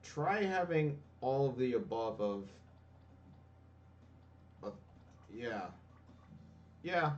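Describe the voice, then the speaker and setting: A man's voice: mid-range voice, very animated, slow pace, pauses often, far from the mic, a little hiss or hum. A man giving casual let's-play commentary, ranting and swearing sarcastically about the game. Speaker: gameplay commentator. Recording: voice a bit off-mic, faint game music.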